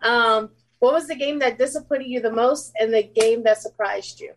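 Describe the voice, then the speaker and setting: A woman's voice: fairly high pitch, moderate pace, a little hiss or hum, rough recording. Upbeat woman co-hosting sports chat. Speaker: podcast co-host.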